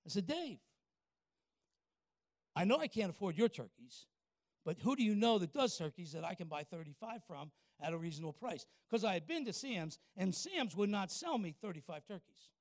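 An older man, a pastor telling a folksy story in a sermon and asking the congregation quick questions. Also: sits high, sing-song, dry recording, clean studio sound.

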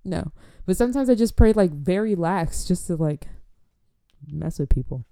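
A woman gives casual faith commentary in a teasing, preachy way and laughs often. Her voice is gravelly and very dark. The sound is dry and close. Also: lowish voice, lively intonation, normal speed, no room sound. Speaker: faith vlogger.

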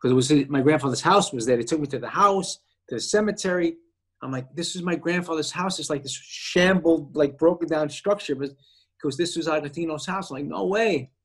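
Male actor guest, higher pitch, animated storyteller. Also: fairly quick, slightly rough. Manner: animated storyteller acting out quoted voices. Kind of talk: casual storytelling.

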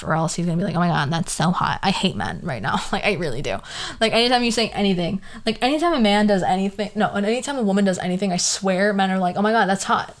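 A young woman hosting a podcast, ranting casually in an exasperated, sarcastic way, swearing freely and trailing off into asides. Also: fairly low pitch. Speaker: podcast host.

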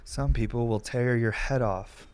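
Measured in pace, with fairly even intonation and a darkish mid-range tone, a young man rambles through a home smoking session while shivering from the cold. He streams and hosts a podcast, and his casual talk is loose, profane, unfiltered and self-deprecating.

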